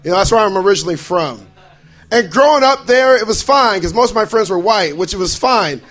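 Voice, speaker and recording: A man's voice: high-pitched, lively intonation, brisk, a bit bright, rough recording. A young adult man from Idaho performing a stand-up comedy set, bouncing into exaggerated character voices. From Boise, Idaho.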